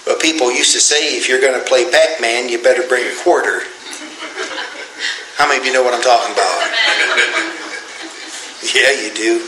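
A middle-aged pastor preaching a sermon in a church, tired, with a folksy, joking manner. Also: male voice, medium pitch, moderate pace, pauses often, echoey room, background noise. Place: church sanctuary.

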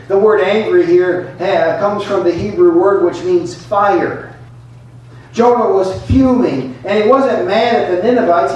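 A man's voice: on the high side, a little mellow. A man preaching a sermon in a folksy, emphatic storytelling way. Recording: echoey hall, mic far off.

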